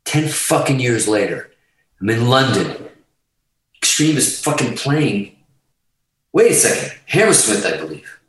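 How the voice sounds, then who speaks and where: A middle-aged man telling an animated, profanity-laced story in casual chat, often laughing as he talks. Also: medium pitch, very echoey, recorded from a distance, poor audio. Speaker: guest guitarist telling a story.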